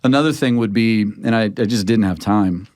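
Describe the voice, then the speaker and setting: A pastor in a casual podcast conversation, talking earnestly and with emphatic, preaching-style rhythm. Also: male voice, fairly low pitch, a little fast, a little mellow, no echo, studio quality.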